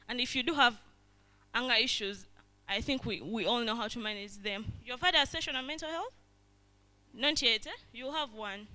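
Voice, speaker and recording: A woman's voice: a little high, bright, forceful tone. A young woman leading an interactive workshop, often checking in with her listeners and acting out little scenes. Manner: constantly checks in with the audience, acts out little scenes. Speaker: workshop facilitator.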